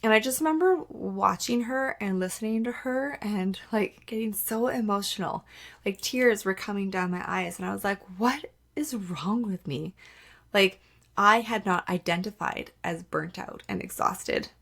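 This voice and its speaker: A woman's voice: mid-range voice, moderate pace, gravelly, a bit bright. A woman hosting her own podcast, talking candidly in a casual, conversational way, full of "like" and acting out the things she once said. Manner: candid, conversational, many "like" fillers, acts out her own past remarks. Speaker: podcast host. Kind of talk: casual solo podcast monologue.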